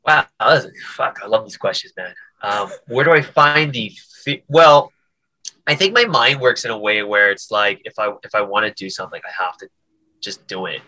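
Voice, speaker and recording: A man's voice: lowish voice, normal speed. A man, a comedian and podcast guest, telling stories in a casual interview, with lots of stammered restarts. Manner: animated, stammering restarts, acts out voices.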